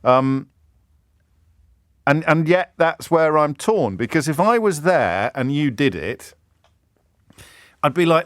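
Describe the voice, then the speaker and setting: A middle-aged man hosting a radio phone-in, talking in a lively, self-interrupting way and slipping into mimicked heckler voices. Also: a little high, slow pace, pauses often, dry recording, studio quality. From England. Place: radio studio. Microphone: studio microphone.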